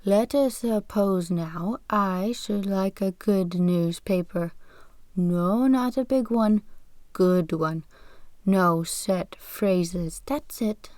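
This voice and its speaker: Squeaky falsetto, ranting middle-aged clerk, read by a woman. Dark-toned, dry read. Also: very slow, no echo. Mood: insistent. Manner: ranting, insistent. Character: shrill, argumentative middle-aged male clerk. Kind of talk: audiobook character reading.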